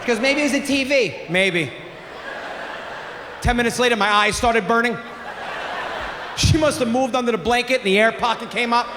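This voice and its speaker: A man in his forties doing a crude, animated stand-up comedy set on a theater stage, with shouted punchlines. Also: very high voice, normal speed, pauses often, noisy background. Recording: live theater recording with long reverb.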